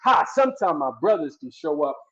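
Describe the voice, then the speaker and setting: A man delivers a motivational speech with the fervor of a preacher, hammering his points through repetition. His voice sits a little high for a man. The recording is dull and lo-fi. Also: big pitch swings, a little fast, background noise. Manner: fervent, preacher-like emphasis with repetition. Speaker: guest speaker. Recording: dull lo-fi sound.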